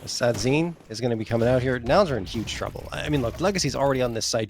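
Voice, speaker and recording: A man calling live esports play-by-play, quick and excitable, rising sharply at big plays. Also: mid-range voice, creaky, a little hiss or hum.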